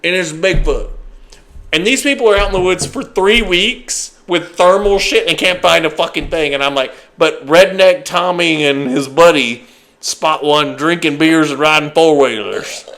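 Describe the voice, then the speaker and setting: A man's voice: a little high, moderate pace. A man co-hosting a casual podcast, mocking a TV show and acting out its people. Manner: animated, mocking, acts out quotes. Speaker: podcast co-host. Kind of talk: casual chat.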